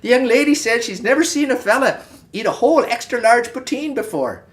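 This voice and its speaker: A woman's voice: a little high, lively intonation, a little fast, close to an everyday voice. A woman voicing a boastful old Irish farmer with a put-on Irish accent, spinning a rambling folksy yarn in a comic character monologue. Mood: jovial.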